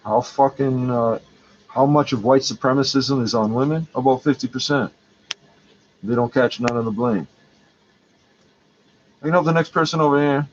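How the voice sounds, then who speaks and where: A man's voice: mid-range voice, moderate pace, pauses often, muffled recording, slight background noise. Man ranting in pain, profane, heated. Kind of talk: angry rambling rant.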